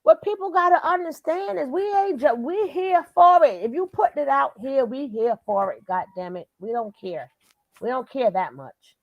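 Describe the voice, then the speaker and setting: An older woman hosting her own channel, chatting casually with loud, animated bursts. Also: high-pitched, moderate pace, creaky, no echo, muffled recording. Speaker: channel host. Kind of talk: casual commentary chat.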